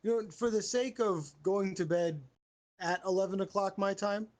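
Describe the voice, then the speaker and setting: A man's voice: high-pitched, moderate pace, darkish tone. A man hosting an online improv game, tired and playful, turning mock-grand when he hands out points. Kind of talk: casual online improv chat.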